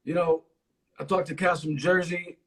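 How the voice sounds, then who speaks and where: Husky-voiced slangy podcast host. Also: male voice, a little high, steady tone, normal speed. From Connecticut. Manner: laid-back slangy banter. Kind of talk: casual interview chat.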